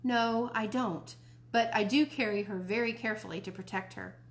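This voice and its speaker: A woman's voice: mid-range voice, moderate pace, lightly acted. A woman reading a storybook aloud, voicing a frazzled, anxious mother with an urgent, scolding manner.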